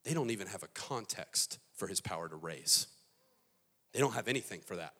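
A male pastor giving an animated, emphatic sermon, retelling a story in his own words. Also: sits low, a little fast. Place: large hall. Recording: long hall reverb.

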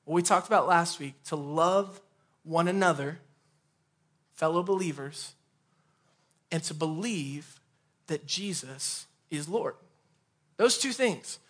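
Young male pastor, high voice, conversational and lively sermon delivery. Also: takes it slowly, pauses often. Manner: conversational, energetic preaching with asides. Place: empty room.

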